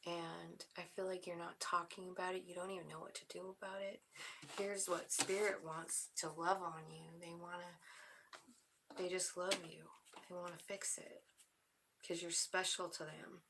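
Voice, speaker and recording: Woman tarot reader, emotional and hushed, raspy low voice, noisy recording. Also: little pitch movement, moderate pace. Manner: emotional, soft-spoken, often drops to a whisper. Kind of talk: spiritual tarot reading.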